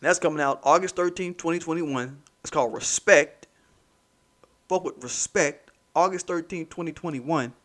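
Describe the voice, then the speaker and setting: A man's voice: a little high, moderate pace, fairly bright tone. A man hosting his own commentary channel, ranting in a heated, mocking, profane way and repeating points for emphasis.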